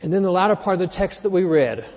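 High-voiced man preaching in a reverberant hall. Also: lively intonation, fast talker. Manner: earnest expository preaching, drops quiet when quoting scripture. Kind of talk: sermon. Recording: dull reverberant hall sound.

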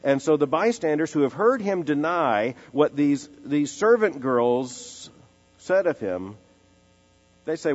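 Preacher in a big echoing hall. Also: male voice, fairly high pitch, sing-song, darkish tone. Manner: emphatic, repeats phrases, slows down for weight. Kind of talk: expository sermon. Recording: dull lo-fi sound in a large reverberant hall with faint music.

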